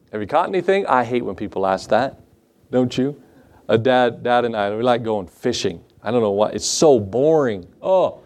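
A man's voice: mid-range voice, darkish tone. Folksy preaching man quizzing his congregation. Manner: conversational preaching, asks the congregation questions and acts out Bible scenes. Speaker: pastor. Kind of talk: sermon.

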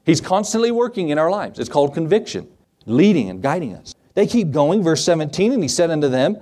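Animated male preacher, lively pitch. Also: brisk. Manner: animated, acts out Bible scenes in voices. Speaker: pastor. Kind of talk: sermon.

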